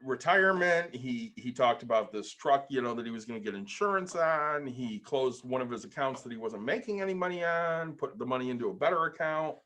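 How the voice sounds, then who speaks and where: A man co-hosting a casual podcast, explaining his points in a measured way and asking pointed questions. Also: medium pitch, animated, pushed and bright. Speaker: podcast co-host. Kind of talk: casual chat.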